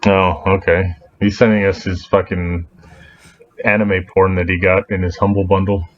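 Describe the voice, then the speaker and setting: A man co-hosting a podcast, rambling in casual chat, profane, with animated asides. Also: low voice, normal speed. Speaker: podcast co-host. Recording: dull lo-fi sound with faint noise.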